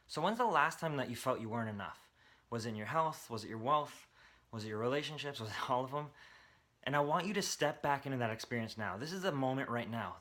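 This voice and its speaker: A man's voice: mid-range voice, bright, forceful tone. A man giving an emphatic motivational talk as a self-help coach, repeating key phrases to the viewer.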